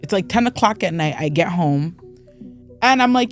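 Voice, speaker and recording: Animated young woman telling a story. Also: normal speed, soft background music. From Canada. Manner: animated storyteller who acts out quotes with big pitch jumps. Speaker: host. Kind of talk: casual storytelling recap.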